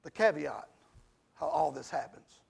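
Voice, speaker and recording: A man preaching a sermon emphatically, swinging from hushed asides to near-shouting. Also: on the high side, lively intonation, unhurried, vocal fry, slightly rough.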